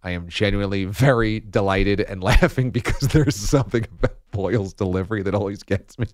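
A man's voice: lowish voice, brisk, no room sound. A man hosting a sports talk radio show, chatty and laughing often, on a studio microphone.

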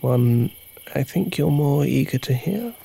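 A man's voice: mid-range voice, lively intonation, measured pace, creaky, warm tone, husky, heavily acted. A man, playing an agent who tells a long, rambling, playful story in an audio drama. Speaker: agent leaving a voicemail. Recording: music playing behind, crickets.

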